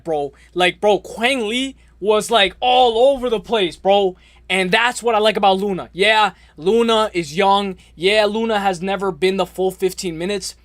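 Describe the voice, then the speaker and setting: Male streamer, high voice, dry close sound, loose slangy chatter. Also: moderate pace, dry recording. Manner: slangy, rambling, shouts out chatters. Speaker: livestream host. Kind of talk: casual livestream chat.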